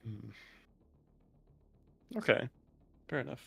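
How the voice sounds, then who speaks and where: Naraya, a cautious woman adventurer from a tabletop game, voiced by a man. She speaks with a gravelly, creaky edge. She is hesitant and easygoing, weighing each risk before she agrees. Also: medium pitch, slow pace, a bit bright, faint music behind, full character voice.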